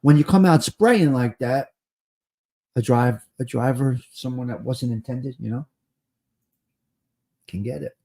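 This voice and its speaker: A man's voice: medium pitch, a little slow, gravelly, pauses often, mellow. A man with a New Jersey accent hosting a casual live stream, chatting and repeating phrases for emphasis.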